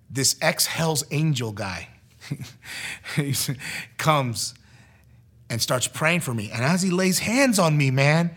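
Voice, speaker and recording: Young guy telling his story, bright voice, lots of likes, jumps way up when he quotes people. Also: on the high side. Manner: animated, acts out quotes in a raised voice; casual, filler-heavy with frequent likes. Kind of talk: personal testimony storytelling.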